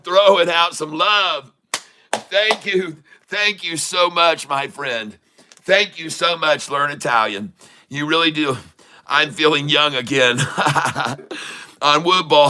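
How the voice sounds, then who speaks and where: A man hosting a live day-trading stream, shouting excitedly at the charts and talking to his chat. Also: a little high, slow pace, clear, resonant tone. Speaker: day-trading livestream host.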